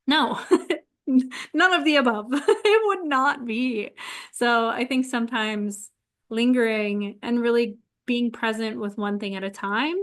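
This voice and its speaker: A young woman with a slightly high voice talks easily to her viewers about astrology. She is relaxed and chatty, laughs often and leans on "like" as she goes. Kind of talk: casual solo advice talk to camera.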